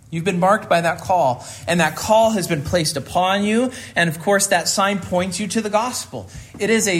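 A man from rural Kansas preaching a sermon as pastor, earnest and repeating phrases for emphasis. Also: on the high side.

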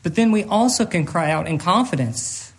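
A man preaches with a high voice, earnest and plainly moved. He halts and repeats words as he works through his sermon, his voice close to breaking at times. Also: animated, normal speed. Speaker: pastor.

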